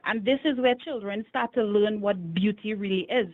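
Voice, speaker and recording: A woman's voice: medium pitch, moderate pace. Woman calling in on a tinny phone line. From Trinidad and Tobago. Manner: earnest, lays out points one by one. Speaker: caller. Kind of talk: call-in opinion over the phone.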